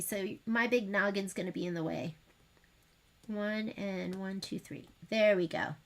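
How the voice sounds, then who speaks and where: Bright-voiced chatty woman sewing host. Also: mid-range voice. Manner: chatty, rambling, self-deprecating. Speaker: sewing shop livestream host. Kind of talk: casual chat while demonstrating sewing.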